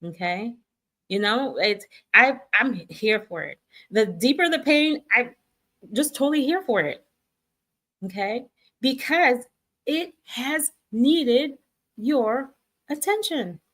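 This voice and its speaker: Her voice sits on the high side and is expressive, moving slowly with long pauses. The middle-aged woman hosts a casual spiritual guidance talk, comforting her viewers with warmth and playing out their inner voices.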